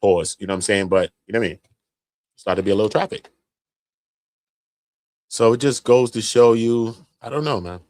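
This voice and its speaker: A man's voice: fairly low pitch, normal speed, pauses often, no room sound. Slangy man riffing on a live stream. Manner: animated, slangy, mocking impressions. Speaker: live commentary host. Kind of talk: casual commentary on a live stream.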